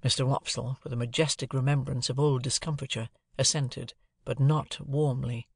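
A man narrating an audiobook in a measured, steady storytelling manner. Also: medium pitch, creaky, breathy edge, no echo, studio quality.

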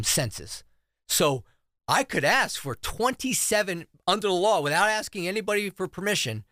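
A man's voice: fairly high pitch, fairly bright tone, dry recording, studio quality. A middle-aged man from New Jersey, a school superintendent answering radio interview questions earnestly and walking through budget figures. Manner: earnest, explains with figures and numbers. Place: radio studio.

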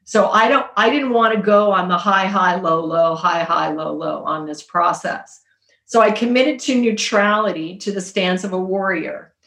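A woman's voice: mid-range voice, normal speed. Earnest woman telling stories in an echoey room. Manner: earnest, animated storytelling with spiritual talk. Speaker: podcast guest. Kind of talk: casual chat.

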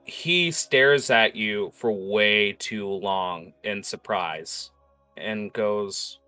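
Relaxed man narrating a tabletop game. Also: on the low side, extremely slow, smooth, dry recording, faint music behind. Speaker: game master.

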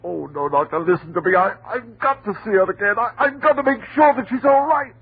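An actor playing an anguished husband near madness, in overwrought 1940s radio acting that pleads and cries out. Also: male voice, high-pitched, a little fast, slightly rough. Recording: tinny, noisy old radio recording.

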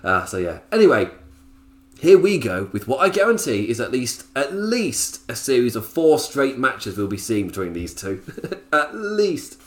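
A man's voice: medium pitch, big pitch swings, measured pace. A young man reviewing a wrestling show alone in a rambling, giggly, self-mocking way. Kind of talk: casual solo commentary.

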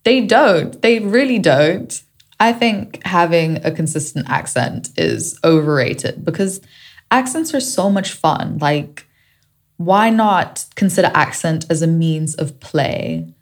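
A woman's voice: low voice, animated, takes it slowly. A woman from Kenya whose accent shifts between Kenyan and British, hosting a solo podcast in a reflective, candid manner. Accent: shifting mix of Kenyan and British. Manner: reflective and candid, warming to playful. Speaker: podcast host.

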